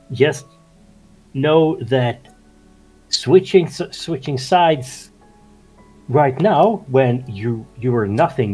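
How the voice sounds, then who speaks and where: A man's voice: mid-range voice, a little mellow, breathy edge. A man voicing a menacing, contemptuous young male street thug in a tabletop game. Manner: contemptuous, threatening.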